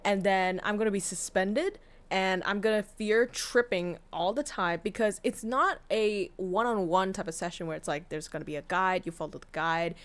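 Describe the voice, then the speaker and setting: A woman's voice: medium pitch, moderate pace, few pauses. Profane, candid woman streamer. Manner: candid and profane, with many fillers and restarts. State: tearful, voice breaking. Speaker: VTuber streamer. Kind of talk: casual storytelling chat.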